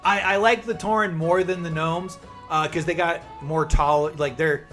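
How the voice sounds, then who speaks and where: A man's voice: a little high, fairly even intonation, normal speed, fairly bright tone, faint music behind. A man in his forties, streaming live and chatting casually, upbeat and calling viewers by name.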